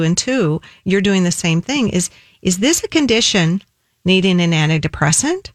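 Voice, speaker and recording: A woman radio host with a fairly low voice explains things in a measured, steady way. The studio sound is dry and close, with no room echo. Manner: measured, warm explaining, slows down for phone numbers. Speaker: nutritionist co-host. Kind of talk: radio show talk.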